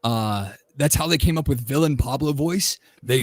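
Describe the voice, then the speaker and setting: A man, a voice actor on a panel, telling a relaxed and enthusiastic story about his work. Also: mid-range voice, moderate pace, few pauses, dry recording. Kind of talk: casual panel talk.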